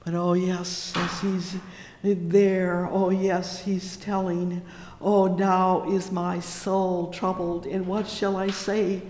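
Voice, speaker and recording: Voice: medium pitch, level tone, slow pace, darkish tone. A preacher giving a fervent sermon, reading old-fashioned scripture and exclaiming praise between lines. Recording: echoey hall.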